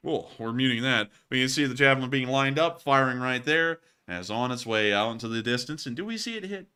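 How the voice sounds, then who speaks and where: A man's voice: mid-range voice, animated, a little fast, pushed and bright, slight background noise. A man hosting a casual commentary show over video clips, rambling and making sarcastic jokes. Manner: jokey, rambling, sarcastic asides. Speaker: host of a war news commentary channel.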